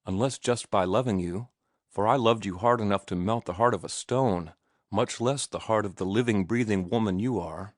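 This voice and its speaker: A man voicing an ardent young man in love, speaking earnestly and gently in a low voice. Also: normal speed, no echo, studio quality, natural voice. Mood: ardent, tender. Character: ardent young sailor-turned-writer, passionate.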